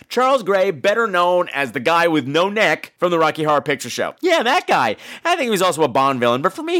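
A man hosting a podcast, recapping a horror movie in a sarcastic, profane, animated storytelling way. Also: on the high side. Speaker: podcast host. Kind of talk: casual movie-recap chat.

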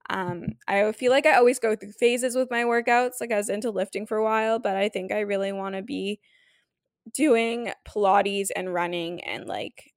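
A young woman in her twenties talks through a casual solo podcast, gushing and chatty and leaning on fillers. Her voice sits at a middle pitch. It is recorded close and dry, with no room sound. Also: fairly even intonation, fairly quick, gravelly, hardly any pauses, dry recording. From Canada. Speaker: podcast host.

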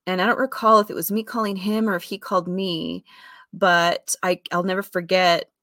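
A woman candidly telling a personal story in a rambling way, often correcting herself, with fillers and soft laughs. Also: fairly low pitch, flat delivery, normal speed, dry recording, clean studio sound.

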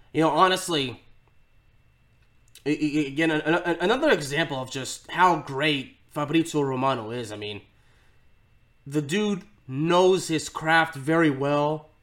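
A man's voice: on the high side, fairly bright tone. A man of thirty hosting his own podcast, talking in a rambling, emotional way and often repeating words. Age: 30s. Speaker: podcast host. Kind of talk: heartfelt casual monologue.

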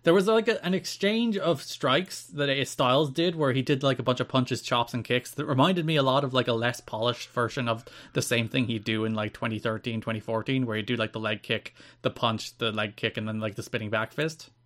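A man's voice: medium pitch, fairly even intonation, a little fast, few pauses, fairly bright tone. A man co-hosting a casual podcast, recapping old wrestling shows and acting out quotes in silly voices. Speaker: podcast co-host.

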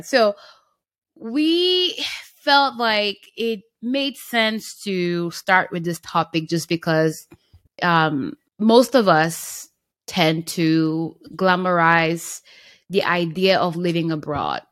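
A woman hosting a casual podcast, talking in an animated, teasing way and laughing easily. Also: fairly low pitch, no echo, clean studio sound. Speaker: podcast host.

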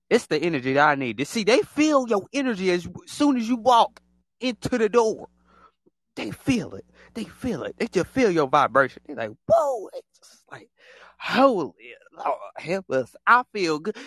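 A man's voice: high-pitched, a bit bright, dry recording. A man hosting a podcast, talking casually on his own, repeating himself a lot and acting out other people in exaggerated voices. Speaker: podcast host. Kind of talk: casual solo monologue.

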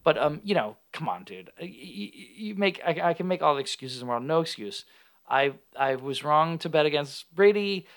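Easygoing male podcast co-host, somewhat high voice, casual betting chat. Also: expressive, normal speed, a bit bright.

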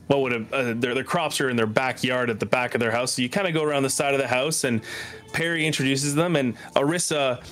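A man narrating a tabletop game as game master, halting often with fillers. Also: mid-range voice, a bit bright.

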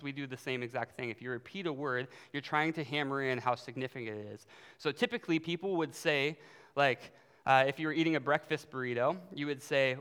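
A man's voice: a little high, a bit bright, smooth. A man preaching a sermon as youth pastor, in a casual, conversational way with fillers. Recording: long hall reverb.

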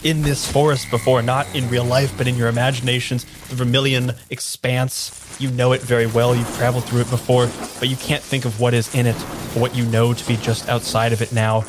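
A man's voice: medium pitch, level tone, a little fast, background noise. Man game master narrating a tabletop game.

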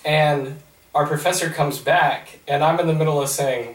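A young man on a podcast, retelling a story in a rambling, animated way. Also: a little high, moderate pace. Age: young adult. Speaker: podcast host. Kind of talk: casual storytelling. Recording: roomy, mic at a distance.

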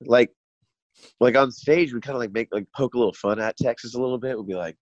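A man hosting a podcast in casual chat, telling animated stories and acting out voices, with some swearing. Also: medium pitch, fast talker, no echo, dull audio. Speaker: podcast host, touring comedian.

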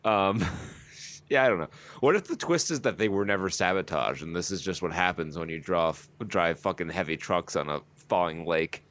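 A very deep-voiced man co-hosts a casual podcast. He rambles through his points, swears freely and laughs often. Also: lively intonation, normal speed, a bit bright. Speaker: podcast co-host. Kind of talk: casual chat.

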